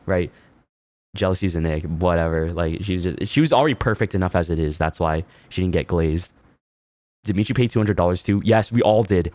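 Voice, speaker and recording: A man's voice: sits low, animated, normal speed. A male streamer telling a story in loose, casual chat. He swings his voice up and down, laughs easily and swears freely, with plenty of fillers along the way. The sound is dry and close, with no room echo.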